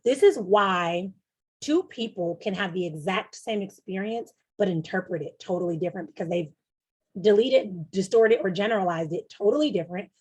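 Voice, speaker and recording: A young woman coach teaches her listeners in a loose, conversational presentation packed with fillers and quick acted-out inner voices. Her middle-pitched voice has a husky edge and a darkish tone.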